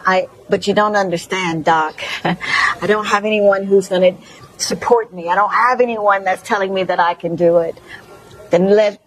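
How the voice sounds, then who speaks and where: A woman's voice: mid-range voice, low-quality recording. A woman with a Mississippi accent hosting a talk show, giving effusive, preacher-like encouragement to her audience.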